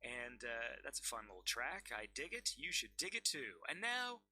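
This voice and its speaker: A man hosting a live stream, talking in a relaxed, chatty way with his guest. His voice is very bright and sits at a middle pitch, friendly and enthusiastic. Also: normal speed, breathy edge. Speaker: host. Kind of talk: casual chat on a stream.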